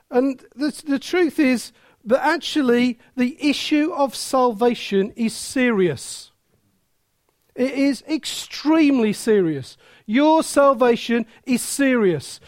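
A man preaching a sermon as pastor, earnest and measured, with frequent pauses. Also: very high-pitched, dry recording, clean studio sound.

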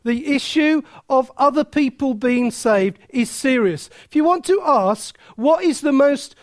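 A man preaching a sermon as pastor, earnest and measured, with frequent pauses. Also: very high-pitched, animated, no room sound, clean studio sound.

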